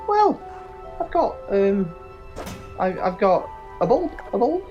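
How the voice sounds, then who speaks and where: Animated gamer swearing at the game. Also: mid-range voice, slow pace, faint music behind. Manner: animated, swearing, joking asides. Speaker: let's play host. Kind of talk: casual gameplay commentary.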